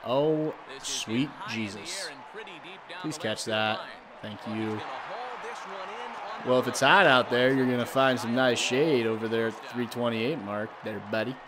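A man casually commenting on his own baseball video game as he plays, swearing and yelling at bad pitches, then talking himself back to calm. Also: normal speed, a crowd in the background. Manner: swears and yells in bursts of frustration, then talks himself calm. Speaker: gaming video creator.

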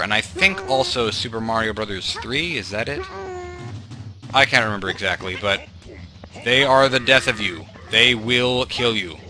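A young man narrates his gameplay as a let's play commentator, wandering off on tangents, using lots of fillers and running himself down. His pitch sits in the middle range, and there's background noise along with game music.

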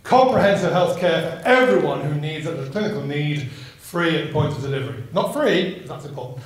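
A man with a high voice tells a comic story to a live audience in a small hall. He is chatty and full of quick asides, laughs often, and gets the crowd to join in. The hall is very echoey. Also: animated. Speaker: storyteller performing a one-man show.

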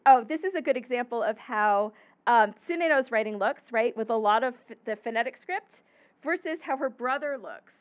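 High-voiced woman explaining history. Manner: explanatory, occasional ums and self-corrections. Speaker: historian giving a book talk. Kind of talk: academic lecture with slides. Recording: muffled lecture recording.

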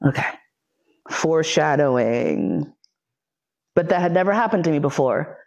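A woman's voice: low-pitched, big pitch swings, normal speed, gravelly, a little mellow. A woman lecturer telling a personal story frankly and with plenty of swearing, acting out the voices she quotes.

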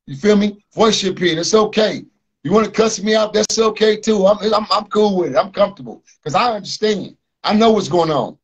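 A man's voice: sits high, highs cut off. A man hosting a podcast, talking bluntly and profanely, speaking straight to his listeners. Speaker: podcast host. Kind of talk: casual podcast rant.

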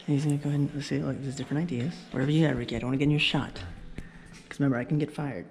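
A man's voice: mid-range voice, fairly even intonation, creaky, soft background music. A young man filming a casual behind-the-scenes vlog, teasing and slangy. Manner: teasing, fast, slangy banter. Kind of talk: casual joking vlog narration. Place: museum and car. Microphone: action camera. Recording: handheld action camera with background noise.

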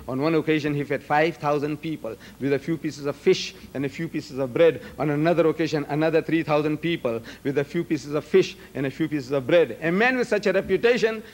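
An older man with a South African accent giving a public debate speech, asking rhetorical questions and acting out both sides of an argument. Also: on the high side.

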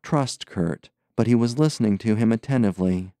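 A man reading an adventure novel aloud in a measured, steady narration. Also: fairly low pitch, dry recording. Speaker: audiobook narrator. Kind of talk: scripted narration.

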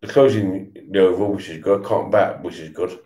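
A man's voice: low voice, fairly even intonation, normal speed, warm tone, roomy sound. A tipsy man, swearing and stammering through a casual rant while he watches football. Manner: swearing, repetitive, stammering restarts. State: tipsy from beer.

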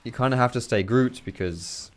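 A man's voice: mid-range voice, normal speed. A man giving casual commentary while playing a video game, chatty, swearing and chuckling often. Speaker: gaming video creator.

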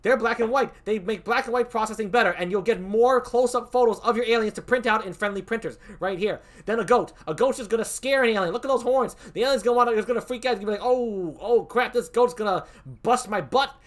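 A man hosting a comedic presentation game, excitable and rambling, tripping over his words. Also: high-pitched, fast talker, few pauses.

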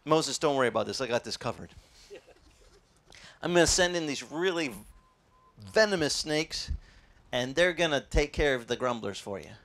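A man's voice: medium pitch, lively intonation, moderate pace, long pauses, a bit bright. A man voicing God as a casual, confident, soothing figure. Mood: reassuring. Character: God, laid-back and reassuring.

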